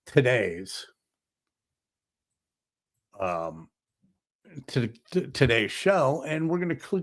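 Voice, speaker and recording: A man's voice: mid-range voice, no room sound, clean studio sound. A man hosting a talk show, retelling film scenes in a rambling, casual monologue full of fillers.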